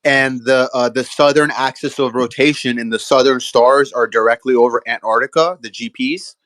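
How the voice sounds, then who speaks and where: A man's voice: mid-range voice, fairly bright tone, no room sound. Hesitant man asking on a call. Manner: hesitant, halting with many repeats. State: eating while talking. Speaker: caller asking a question. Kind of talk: online call discussion.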